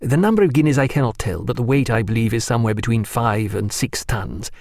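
A man voicing a courteous, formal gentleman who speaks with elaborate politeness, in an audiobook reading. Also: mid-range voice, fairly quick, dry recording, natural voice. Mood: polite. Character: courteous male ship's surgeon, gentleman.

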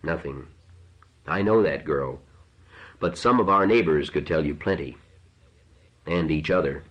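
A man voicing a weary, sharp-tongued wife and mother in a read-aloud story, speaking heavily and curtly, in a dull lo-fi recording. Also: rumbling low, unhurried, husky, heavily acted. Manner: heavy, curt.

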